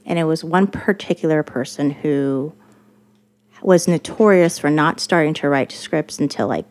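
Profane, animated woman telling a story. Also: sits low, normal speed. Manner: animated, profane, quotes others in lively voices. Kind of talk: casual storytelling chat.

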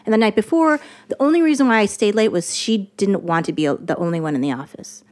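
A woman chats about her job in a loose, animated way. She swears freely and slips into quick voices for the people in her story. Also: mid-range voice. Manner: animated, profane, quotes others in lively voices. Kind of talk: casual storytelling chat.

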